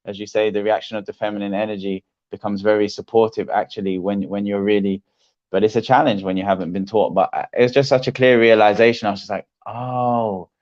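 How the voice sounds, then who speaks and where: Low-voiced guy thinking out loud, lots of restarts, muffled lo-fi sound. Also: fairly even intonation. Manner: reflective, halting, restarts often. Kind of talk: casual podcast conversation.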